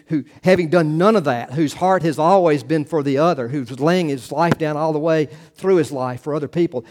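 A middle-aged male pastor with a fairly high-pitched voice preaches an earnest sermon. He rises to emphatic quotes and drops down to hushed asides.

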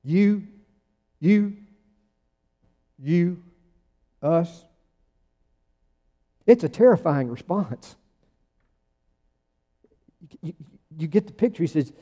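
A man's voice: on the high side, slow pace, long pauses, mellow. A man preaching a sermon in a conversational, emphatic way, with sudden rising bursts. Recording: long church reverb.

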